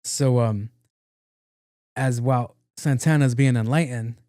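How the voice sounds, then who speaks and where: A man's voice: mid-range voice, steady tone, a little slow, warm tone, no room sound, studio quality. A man hosting a podcast, retelling a story in a loose, slangy, profane way. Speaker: podcast host. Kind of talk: casual film recap storytelling.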